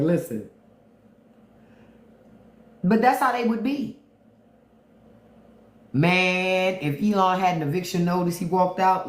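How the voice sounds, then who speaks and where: A woman hosting a livestream, commenting in an animated, profane, rhetorical way. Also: lowish voice, slow, long pauses. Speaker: podcast host. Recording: roomy echo.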